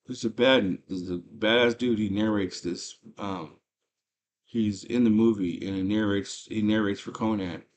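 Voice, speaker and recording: Low-voiced man retelling a movie. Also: unhurried. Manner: animated, slangy storytelling with frequent fillers. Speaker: movie chat host.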